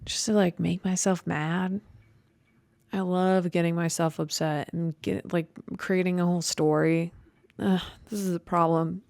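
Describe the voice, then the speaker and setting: A woman's voice: lowish voice, fairly even intonation, unhurried, creaky, a little mellow, no room sound, studio quality. A young woman hosting her podcast, rambling in a self-mocking, conversational way with many fillers. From Chicago. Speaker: podcast host. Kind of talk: stream-of-consciousness monologue.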